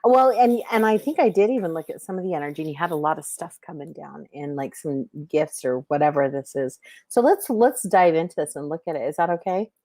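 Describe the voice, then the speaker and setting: A woman's voice: deep voice, brisk, few pauses, warm tone, no room sound, studio quality. A middle-aged woman hosting a livestream, chatting casually with viewers and giving intuitive readings, rambling with many fillers and restarts.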